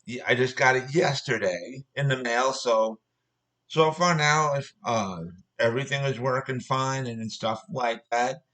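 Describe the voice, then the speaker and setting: A man's voice: mid-range voice, a little slow, pushed and bright, poor audio. A man telling a personal story as an angry, profane rant, repeating himself.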